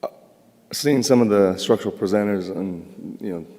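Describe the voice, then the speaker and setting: A man's voice: lowish voice, moderate pace, mellow. A man presenting as a structural engineer at a conference, casual, with many "you know" fillers. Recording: long hall reverb.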